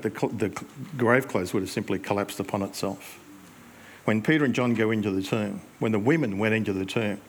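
Low-voiced pastor telling a story. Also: male voice. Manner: storytelling, conversational, with reflective pauses. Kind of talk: sermon.

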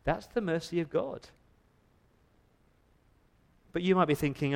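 A man's voice: fairly high pitch, brisk, long pauses, darkish tone. Man preaching an emphatic sermon. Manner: emphatic preaching with rhetorical questions and stumbling repeats. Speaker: pastor. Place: church.

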